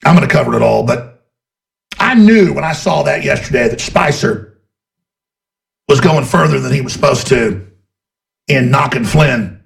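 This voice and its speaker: A man's voice: medium pitch, lively intonation, moderate pace, creaky, long pauses. A man delivering a heated, sarcastic political rant, mocking his opponents. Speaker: political commentator. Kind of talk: ranting political monologue.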